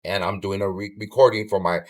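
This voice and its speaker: A man's voice: low-pitched, brisk. An older man from Southern California, a podcast guest telling a long story in casual chat, swearing freely and acting out what others said. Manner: animated storyteller who swears casually and acts out others' lines.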